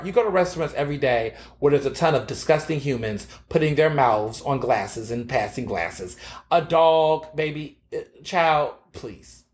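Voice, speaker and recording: A man hosts his own podcast, talking in a sassy, animated way with plenty of fillers and swearing. His voice sits a bit high. The room around him is noticeably echoey. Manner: sassy, animated storytelling with frequent fillers and profanity. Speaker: podcast host. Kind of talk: casual opinion monologue.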